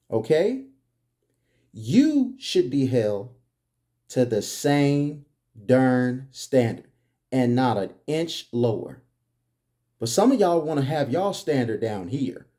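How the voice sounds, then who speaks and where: Emphatic lecturing man, lively pitch. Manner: emphatic, repetitive rhetorical questions. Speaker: commentary host. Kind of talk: preachy monologue on relationships.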